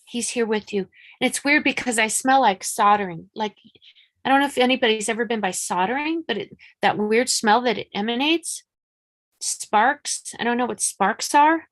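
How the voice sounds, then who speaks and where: Chatty, frank woman psychic, higher voice. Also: normal speed. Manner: frank and chatty, swears casually; urgent coaching tone, repeats for emphasis. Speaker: psychic medium. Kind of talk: live-streamed reading and chat.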